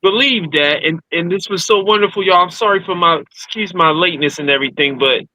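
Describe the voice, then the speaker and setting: Man, bright sharp voice, high pitch, dry sound, casual chat. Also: brisk, dry recording, rough recording. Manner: apologetic, repeats words. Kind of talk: casual talk show chat.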